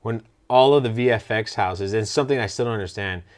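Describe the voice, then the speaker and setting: A man's voice: lowish voice, quick pace, clean tone. A man co-hosting a casual movie review, easygoing and sarcastic. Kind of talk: casual chat.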